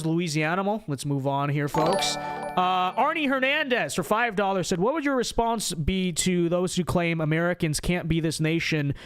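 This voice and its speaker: Rambling male livestream host, higher voice. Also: a bit bright, smooth. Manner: rambling, repeats words while thinking aloud; reads viewer super chats aloud. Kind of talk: political commentary livestream.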